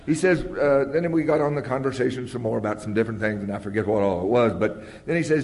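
A man speaking at a middle pitch tells his story in a plain, folksy way. He stops and starts often, with lots of "uh"s and repeated words. A long reverb trails after his voice, as if he is in a big hall. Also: quick pace, darkish tone. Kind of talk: personal storytelling to an audience.

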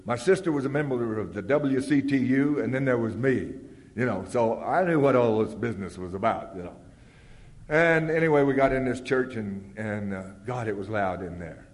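An older man tells a long, humorous story in a loose, rambling way. He keeps breaking into loud acted-out quotes. His voice rings through a hall with a long reverb. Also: medium pitch, normal speed. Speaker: speaker sharing his recovery story. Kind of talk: storytelling talk at a recovery meeting.

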